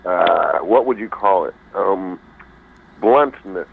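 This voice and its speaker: A man calling in to a radio talk show, rambling in a folksy way and pausing to search for his words. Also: sits low, expressive, vocal fry, husky. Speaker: caller. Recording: phone-line call.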